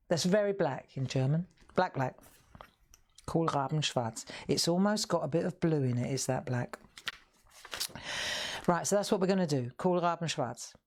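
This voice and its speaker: Low-voiced chatty woman. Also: a little mellow. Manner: chatty, encouraging, talks straight to viewers. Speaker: craft show host. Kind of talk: live colouring demonstration.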